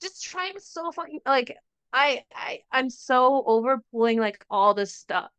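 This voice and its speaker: A woman's voice: high-pitched, a little slow, smooth, no echo. A young woman co-hosting a podcast, telling a story in casual chat and acting out the quotes as she goes. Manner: animated storytelling, acts out quotes, frequent "like". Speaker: podcast co-host.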